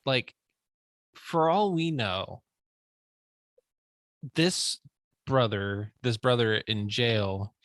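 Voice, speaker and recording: A man co-hosting a podcast, talking sympathetically and haltingly as he searches for his words. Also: medium pitch, a bit bright, dry recording. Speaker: podcast co-host. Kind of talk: casual music discussion.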